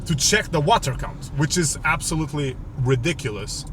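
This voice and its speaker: A man's voice: on the high side, lively intonation, normal speed, background noise. A young man telling a rambling, profane, exasperated story on a comedy podcast. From Portugal. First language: Portuguese. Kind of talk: casual storytelling rant.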